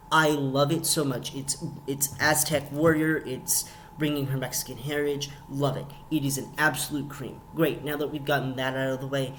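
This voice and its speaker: Young guy rambling thru a show review, repeats himself a lot, mid pitch, bit of hiss behind. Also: fairly even intonation, normal speed, fairly bright tone. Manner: rambling, repeats words, emphatic rants. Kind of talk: casual review vlog.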